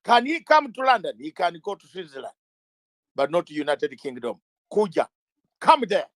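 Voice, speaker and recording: A man's voice: sits high, sing-song, normal speed, a bit bright, no echo. A middle-aged man, a lawyer being interviewed, speaking in an impassioned way, firing rhetorical questions and repeating phrases for emphasis.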